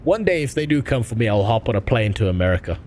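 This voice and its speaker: Brief: male streamer, crude and jokey, very lively pitch, faint hiss behind. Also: fast. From South Africa. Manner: crude, profane, joking; reads game dialogue aloud. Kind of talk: casual gaming stream commentary.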